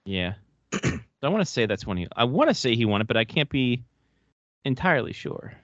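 A man hosts a relaxed hockey podcast, tossing out jokes and reeling off stats. His pitch moves around a lot. The recording is dry and a little muffled. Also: moderate pace, dry recording. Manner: lively, jokey, rattles off stats. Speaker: podcast host. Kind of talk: casual hockey chat. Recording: dull, dry sound.

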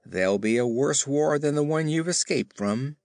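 A man's voice: on the high side, animated, moderate pace, darkish tone, no echo, studio quality. A man voicing a touchy, earnest male scarecrow made of straw, speaking sternly.

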